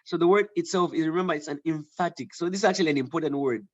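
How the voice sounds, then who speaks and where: A man's voice: on the high side, very fast, highs cut off. A man teaching a writing lesson, thinking aloud with fillers and restarts and often checking in with the class. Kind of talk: online grammar lesson.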